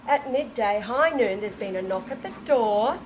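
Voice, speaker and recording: A woman telling an emotional personal anecdote to a small group, animated and exclamatory, with frequent restarts and laughing or tearful breaks. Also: fairly high pitch, normal speed, a little hiss or hum, rough recording. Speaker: storyteller recounting an experience to a small group.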